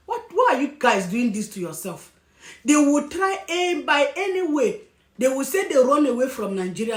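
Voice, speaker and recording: A woman vlogger giving emphatic, scolding commentary, breaking off now and then to apologize for what she says. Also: mid-range voice. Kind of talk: opinionated commentary. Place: lives in Germany. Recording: echoey room.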